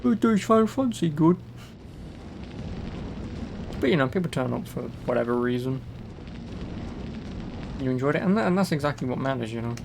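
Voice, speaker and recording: A man's voice: mid-range voice, expressive, fast talker, gravelly, long pauses. Young male streamer, casual, joking, swears a lot, faint background noise. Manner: chatty, swears, jokes about the game. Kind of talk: casual gameplay commentary.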